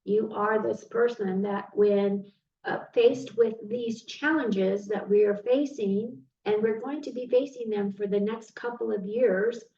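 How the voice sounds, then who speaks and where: Looking straight at the viewer, a woman with a mellow, slightly high voice delivers a tarot reading, sincere and easily stirred. The recording has a distant, roomy quality, sounding dull with faint noise underneath.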